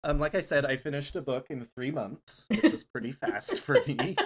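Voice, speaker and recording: Animated, blunt man chatting on a podcast. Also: on the high side, unhurried. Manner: blunt, animated, laughs often. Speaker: podcast co-host. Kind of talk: casual chat.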